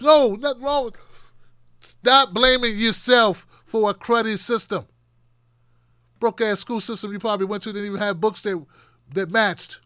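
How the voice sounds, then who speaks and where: Man, stream host, high pitch, dry close mic, sarcastic, reads viewer comments. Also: measured pace, pauses often, no room sound. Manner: animated, sarcastic, swinging between loud outbursts and muttering. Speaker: live-stream show host.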